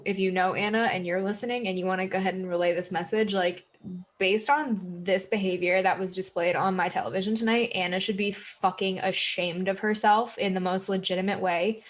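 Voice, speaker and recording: A woman's voice: medium pitch, steady tone, moderate pace. A woman co-hosting a podcast, talking casually and heatedly, swearing for emphasis. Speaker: podcast co-host. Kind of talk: casual recap chat.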